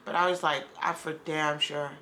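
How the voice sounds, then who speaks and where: A woman's voice: deep voice, steady tone, normal speed, pushed and bright, a little hiss or hum. A woman vlogger talking candidly in a casual, rambling video diary.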